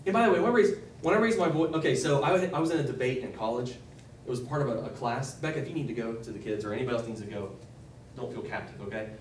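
A man leading a group Bible study, speaking loosely and conversationally, with a voice that rises as he gets excited. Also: mid-range voice, rapid-fire, a little hiss or hum. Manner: enthusiastic, voice rises when excited; loose and conversational, with restarts and asides.

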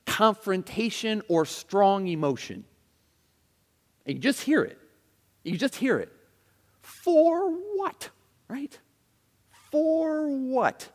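A man preaching with a lively, swooping pitch that climbs high when he acts out attitudes. His voice sits a little high for a man and rings with the long reverb of a hall. He mixes teaching with chatty asides. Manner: expressive, acts out quoted attitudes, conversational asides. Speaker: pastor. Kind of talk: sermon.

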